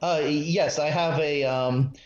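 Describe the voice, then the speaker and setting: Playing a casual tabletop role-playing game, this man speaks slowly with a fairly high pitch and fairly even intonation, often hesitating and restarting. Soft music plays in the background, and the recording is echoey through a dull lo-fi mic.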